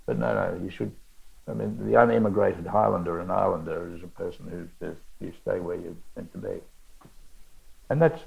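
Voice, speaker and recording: An older Australian man, an author in conversation at a bookshop event, telling rambling anecdotes with halting restarts. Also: sits low, fairly even intonation, gravelly, dull audio. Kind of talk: onstage literary conversation.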